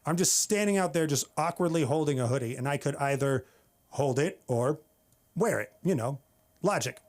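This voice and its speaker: A man's voice: on the high side, expressive, normal speed. Wry stand-up guy. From San Francisco Bay Area. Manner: wry, exasperated storytelling. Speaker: stand-up comic. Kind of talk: open-mic stand-up set. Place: comedy club stage.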